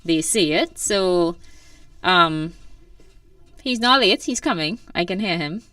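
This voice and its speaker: A woman's voice: fairly low pitch, animated, takes it slowly, bright, forceful tone, clean tone, dry recording, far from the mic. A woman co-hosting a casual radio chat, hesitant and teasing. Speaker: radio co-host.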